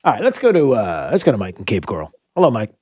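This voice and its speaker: A man's voice: on the low side, huge pitch swings, fast, a little mellow, husky, no room sound. Indignant male talk radio host. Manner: agitated, indignant, rhetorical questions, many fillers. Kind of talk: political call-in radio.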